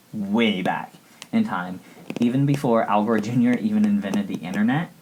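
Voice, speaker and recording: A woman's voice: rumbling low, noisy background. Ditzy valley-girl teen student, as a woman plays her, bubbly, rambling, comedic sketch lesson. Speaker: student giving a history report.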